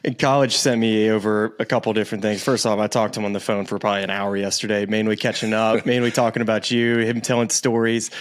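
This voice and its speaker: A man's voice: on the low side, flat delivery, quick pace, few pauses, no room sound. A young man hosting a casual interview, asking long rambling questions with easy laughter. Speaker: host.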